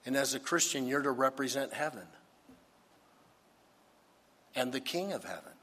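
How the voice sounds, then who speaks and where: Husky male pastor in a reverberant hall. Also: medium pitch, sing-song, normal speed, bright, forceful tone. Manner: emphatic, with rhetorical questions. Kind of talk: sermon.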